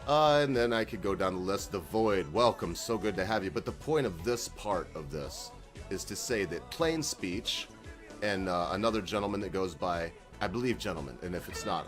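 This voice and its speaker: A man's voice: sits low, animated, moderate pace, music in the background. A man hosting his own video channel, talking in a folksy, rambling monologue with chuckling asides. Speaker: channel host.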